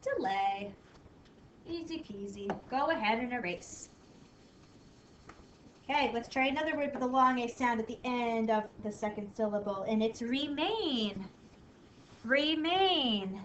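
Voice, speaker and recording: A woman teacher giving a spelling lesson to children, upbeat, sounding words out slowly. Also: on the high side, highs cut off. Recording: echoey room from a distance, faint noise.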